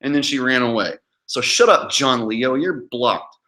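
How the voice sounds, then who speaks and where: A man's voice: mid-range voice, unhurried, bright, forceful tone. A man hosting his own livestream, talking casually in a profane, defiant way and mocking his critics. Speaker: channel host.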